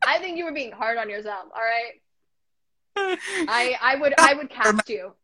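A young woman hosting a casual chat, telling stories in a rambling, animated way with lots of restarts. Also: a little high, unhurried. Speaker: podcast host. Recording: dull lo-fi audio.

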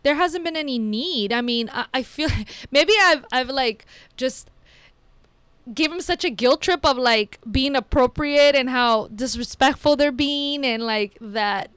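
A woman's voice: high voice, unhurried, fairly bright tone, smooth, no echo. A woman in her thirties, a mother of young children, talking casually and emphatically about parenting, dropping the odd Spanish phrase. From Mexico-linked, schooled partly in Mexico. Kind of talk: casual chat.

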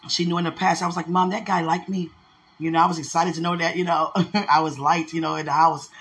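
A woman's voice: deep voice, little pitch movement, quick pace. A woman in an emotional casual talk to her partner, effusive and prayerful, repeating her words.

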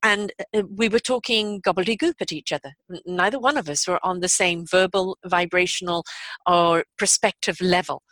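Expressive woman hosting a radio chat. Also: on the low side, moderate pace, no echo. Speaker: radio network host. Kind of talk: casual chat.

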